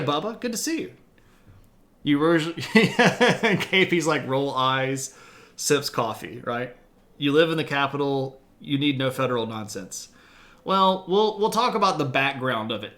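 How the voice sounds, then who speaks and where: Slow, chatty male history streamer. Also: mid-range voice, bright, forceful tone. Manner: chatty, reads chat aloud, coos at his dog. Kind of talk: casual live-stream chat.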